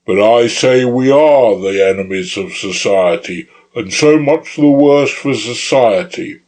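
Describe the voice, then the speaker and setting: A man's voice: mid-range voice, lively intonation, a little slow, a little mellow, poor audio. A man voicing a fiery young male anarchist orator, speaking in a rousing, declamatory way.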